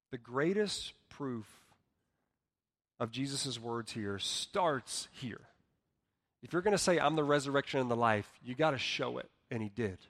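A man preaching a sermon as pastor, earnest, dropping soft and then rising loud for emphasis. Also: medium pitch, long reverb tail. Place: church hall.

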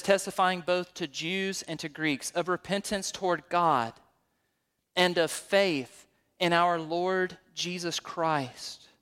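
A man's voice: on the high side, a bit bright. A man preaching a sermon, working verse by verse through scripture with rhetorical questions and building to emphatic peaks. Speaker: pastor. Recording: long hall reverb.

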